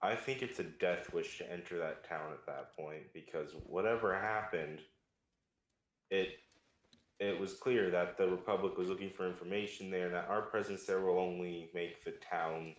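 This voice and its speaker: Deep-voiced man, thoughtful player. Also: steady tone, moderate pace. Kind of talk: casual game talk. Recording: roomy mic with faint hiss.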